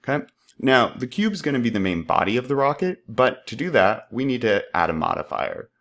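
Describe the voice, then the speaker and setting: A man walking through a software tutorial, upbeat and playful, making little sound effects as he works. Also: mid-range voice, sing-song, brisk. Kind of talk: screen-recorded tutorial.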